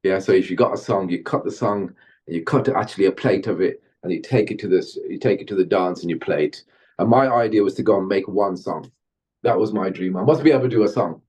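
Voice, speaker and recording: A middle-aged man from Birmingham, England, guests on an interview podcast, animatedly recounting stories from his music career. His voice is low, husky, and fast, and he slips into Jamaican-style patois when he chants.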